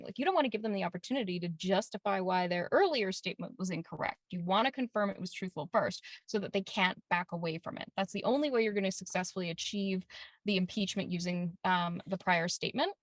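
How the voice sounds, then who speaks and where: Woman lawyer giving brisk instruction. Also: medium pitch, no room sound. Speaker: defence lawyer and co-host. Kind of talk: webinar teaching.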